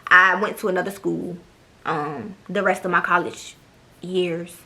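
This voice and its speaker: A woman's voice: fairly low pitch, fairly even intonation, unhurried, pushed and bright. A young woman, telling a blunt, profane storytime to her camera. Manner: blunt, profane, sassy, mimics others. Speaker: vlogger. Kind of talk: casual storytime monologue.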